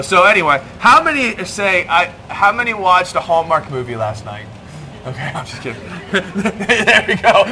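Bright-voiced joking male preacher. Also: on the high side, slight background noise. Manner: joking, chatty, self-deprecating. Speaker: pastor. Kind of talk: sermon. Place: church hall.

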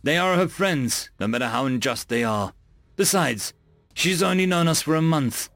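A steady, protective human man who speaks earnestly, voiced by an audiobook reader. His voice is slightly raised and gravelly. The recording is close and dry. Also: on the high side, moderate pace, dry recording.

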